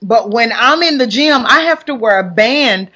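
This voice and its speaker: A woman's voice: a little high, animated, normal speed. Chatty Southern woman in her forties. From Alabama, US. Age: 40s. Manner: chatty, warm greetings to listeners, upbeat. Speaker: host and pastor. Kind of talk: casual live broadcast chat.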